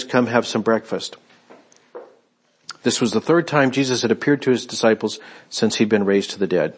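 A man preaching a conversational sermon, retelling a scripture story and voicing its speakers in quick asides. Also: medium pitch, husky. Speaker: pastor.

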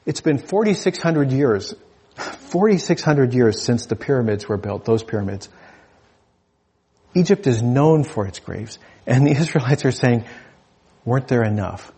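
A man's voice: medium pitch, animated, measured pace, dark tone, slightly rough. A man preaching a sermon in a conversational, humorous way, often restarting his phrases.

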